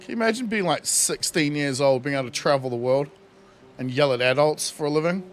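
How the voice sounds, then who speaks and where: A man's voice: a little high, a little fast, fairly bright tone, a little hiss or hum. A young man casually commenting on his game during a livestream, laughing often and swearing freely. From New Zealand. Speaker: streamer.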